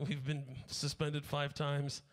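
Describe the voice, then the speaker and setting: A man's voice: fairly high pitch, monotone, very slow, slight background noise. A man hosting a live comedy stream, chatting in a laid-back, rambling way. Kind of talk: casual chat.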